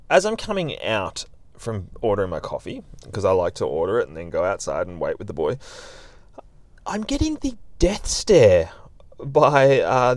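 A man's voice: on the low side, a little mellow, no echo. A man hosting a podcast, telling a story in a chatty, laid-back way. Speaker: podcast host, dog trainer. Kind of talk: casual storytelling monologue.

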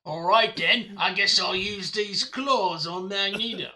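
A man voicing Wolverine, a gruff clawed hero, with a put-on Australian accent and jokey slangy threats. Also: sits high, unhurried, sharp tone, full character voice.

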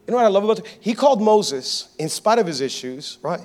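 Casting: male pastor, very high voice, lively and joking, soft music behind. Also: fast, few pauses. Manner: energetic, playful preaching with audience call-outs. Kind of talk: sermon.

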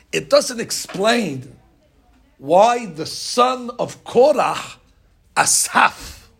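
A man teaching a religious class to women, telling stories in an animated way with many fillers and restarts. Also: sits high, vocal fry, slightly rough.

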